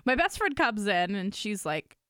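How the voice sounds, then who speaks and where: A woman's voice: medium pitch, big pitch swings, slow, bright, forceful tone, no echo, clean studio sound. A woman telling a personal story in casual chat, acting out the quotes, swearing and laughing often. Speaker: podcast co-host telling a story.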